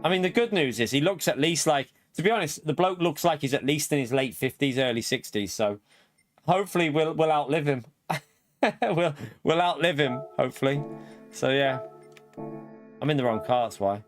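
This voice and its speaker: A British man streaming a racing game live, chatting casually to his viewers in an excitable way, laughing often and swearing when something shocks him. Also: medium pitch, brisk, soft background music.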